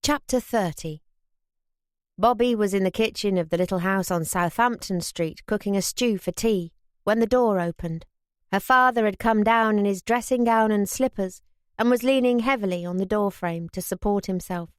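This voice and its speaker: Woman reading a novel aloud, even storytelling, mid voice, dry close mic. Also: mid-range voice, moderate pace, clear, resonant tone, dry recording. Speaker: audiobook narrator. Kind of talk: scripted narration.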